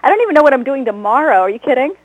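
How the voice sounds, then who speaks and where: A woman's voice: sits high, big pitch swings, racing, no room sound, phone-quality sound. A woman guest, a comedy actor, chatting casually in an interview, laughing often and talking about herself with self-deprecating humor. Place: Los Angeles.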